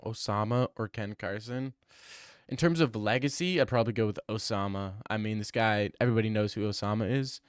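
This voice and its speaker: A man's voice: lowish voice, brisk, clear, resonant tone, no echo, studio quality. A young man streaming, casually chatting and mocking his viewers' comments with slang and frequent laughs. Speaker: streamer reading chat. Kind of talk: casual livestream chat.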